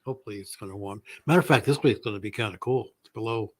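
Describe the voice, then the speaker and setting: A man's voice: fairly low pitch, rapid-fire, dry recording. A man chatting casually in an easygoing way, mostly with short agreeing replies. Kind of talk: casual chat.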